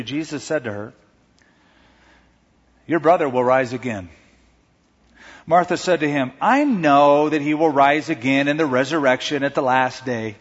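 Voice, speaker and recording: Male pastor, fairly high and husky, animated sermon delivery; dull recording with long church reverb. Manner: animated, acts out the sisters' words with rising pitch and emphasis.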